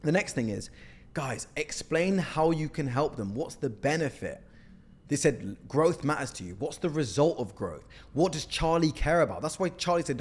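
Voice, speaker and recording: A man's voice: medium pitch, normal speed, breathy edge. A young man coaching on cold outreach, blunt and mocking as he critiques messages, often tagging "okay?" onto his points. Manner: blunt, animated, mocking, says "okay?" a lot. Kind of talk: casual critique to camera.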